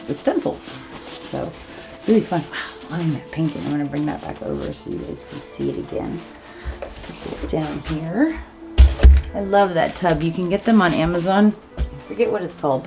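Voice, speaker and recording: With a deep voice and vocal fry, an acrylic pour artist hosts her own channel, gushing and bubbly as she laughs through a casual paint-pouring demo chat.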